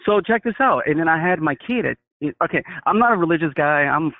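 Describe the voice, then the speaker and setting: A man's voice: fairly high pitch, animated, fast, no room sound. A first-time male caller, eager and stammering, calling people "bro" and "dude". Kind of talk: casual phone call. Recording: phone line.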